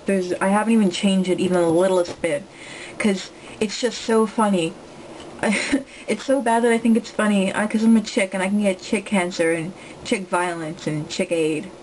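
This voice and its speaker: A young woman telling a story to the camera from home, rambling and joking with many quick asides. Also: mid-range voice, darkish tone, a little hiss or hum, poor audio. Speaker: vlogger.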